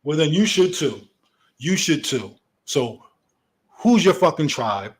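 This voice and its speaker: A man's voice: fairly high pitch, big pitch swings, slow. A man giving a heated, profane commentary rant, confrontational and argumentative as he rebuts an online opponent.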